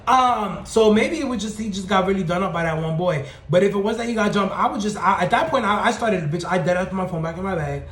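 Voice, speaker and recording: A young man telling a storytime tale in an animated, profane, slang-heavy and sassy way. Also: sits high, fast, hardly any pauses. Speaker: storytime vlogger. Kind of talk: casual storytelling rant. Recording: roomy echoey room.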